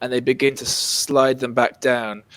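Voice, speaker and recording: A man's voice: medium pitch, level tone, a little slow, fairly bright tone, no echo. A man running a tabletop game as dungeon master, setting scenes in a chatty way and often restarting his phrases. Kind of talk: casual tabletop game narration.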